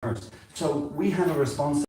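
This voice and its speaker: A man's voice: on the high side, mellow. Older man preaching in an echoey hall. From England. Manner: conversational, halting with frequent repeats and fillers. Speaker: spiritual speaker at a temple gathering. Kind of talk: informal sermon. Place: temple hall. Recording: very echoey hall, heard from a distance.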